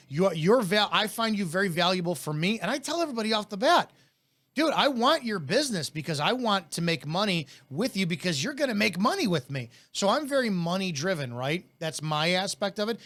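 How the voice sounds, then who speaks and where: A man's voice: sits high, fairly bright tone. A man coaching network marketing in a blunt, intense, in-your-face way, in casual talk.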